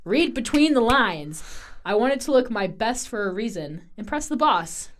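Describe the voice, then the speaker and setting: A woman reading aloud from a book and voicing a vain, scheming young woman who talks in a mocking, snippy voice pitched above her own. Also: very animated, moderate pace, natural voice.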